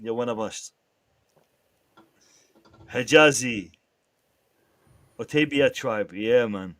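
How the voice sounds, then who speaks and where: A man hosting a casual live stream, bantering with the chat in a lively way and often restarting his sentences. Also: mid-range voice, measured pace, pauses often. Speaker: livestream host.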